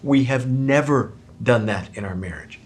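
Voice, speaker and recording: A middle-aged man, a pastor, talking in an animated way in a conversational Q&A about marriage and joking about his own loudness. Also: medium pitch, a little slow, a little hiss or hum.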